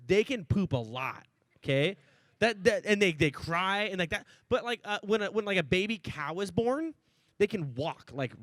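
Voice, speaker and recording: High-voiced joking young pastor. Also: male voice, no echo. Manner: joking, chatty, many "like"s and "right?". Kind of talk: casual sermon.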